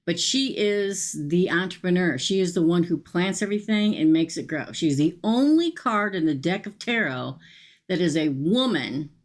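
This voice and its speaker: A middle-aged woman hosting a live-streamed tarot reading, chatty and emphatic, often checking in with her viewers. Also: on the low side. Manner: chatty and emphatic, frequent "okay?" asides.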